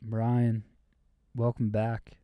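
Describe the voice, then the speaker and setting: A man's voice: medium pitch, monotone, extremely slow, clean tone, no room sound, phone-quality sound. A man hosting a late-night call-in show, joking crudely and teasing his callers. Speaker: podcast host.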